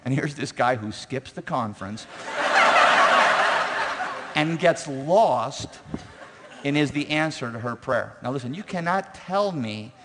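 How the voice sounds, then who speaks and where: A man's voice: medium pitch, wildly swooping pitch, takes it slowly, pauses often, noisy background. A man preaching a sermon as pastor in a church sanctuary, emphatic and repetitive, telling stories to the congregation. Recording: long reverb of a large hall.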